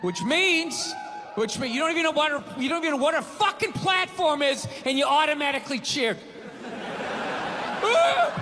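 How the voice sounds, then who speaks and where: Shouting, profane stand-up comedian man. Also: extremely high pitch. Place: live comedy venue. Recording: live show with audience noise.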